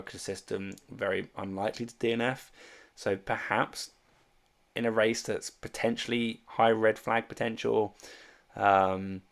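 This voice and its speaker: He's a fantasy sports host and streamer with a gravelly, somewhat low voice. Chatting loosely on a livestream, he responds to viewer comments and thinks aloud, his speech packed with fillers and restarts.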